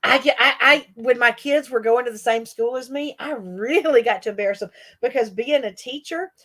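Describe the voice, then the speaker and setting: A woman's voice: on the high side, moderate pace, a bit bright. A middle-aged woman, a teacher and livestream host, chatting casually with her viewers and laughing often. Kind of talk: casual live chat with viewers.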